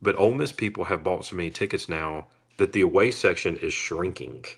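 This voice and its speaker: A very low, husky-voiced man co-hosts a sports podcast. He talks in a wry, conversational way, drawing out his points. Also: a little fast. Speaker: podcast co-host. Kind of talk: casual sports chat.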